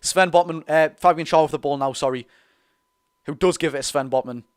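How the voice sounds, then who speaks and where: A young man with a Geordie accent hosting a live football watch-along, chatty and excitable, bursting into loud reactions. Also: fairly high pitch, a little fast, clear, resonant tone. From North East England. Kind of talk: live fan commentary.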